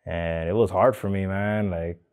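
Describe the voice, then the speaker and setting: Young la dude, kinda low and mellow, slangy, says like and man a lot. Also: steady tone, normal speed, clean tone. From Los Angeles. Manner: loose street slang, many "like" and "man" fillers. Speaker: tattoo artist, interviewee. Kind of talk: casual interview.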